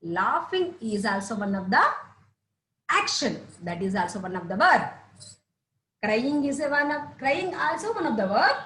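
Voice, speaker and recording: A woman teacher giving a slow, repetitive lesson to young children, often asking them questions. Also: fairly high pitch, big pitch swings, a bit bright, echoey room, rough recording.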